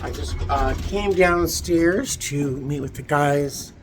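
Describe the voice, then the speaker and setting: A man's voice: on the high side, takes it slowly. A man vlogging outdoors in a windy churchyard, chatty and exclaiming, cold and tired. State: shivering cold. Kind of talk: casual vlog narration.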